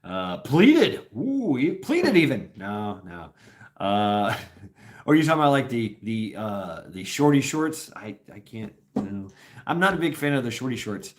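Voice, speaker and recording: A man's voice: fairly low pitch, lively intonation, a little slow. A man talking in a casual, rambling livestream chat, restarting sentences often and chuckling as he goes. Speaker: host.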